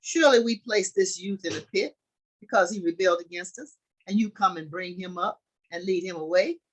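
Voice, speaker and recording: A woman's voice: on the low side, brisk, slightly rough, poor audio. A woman voicing resentful brothers who demand their captive back, speaking in an indignant, demanding way.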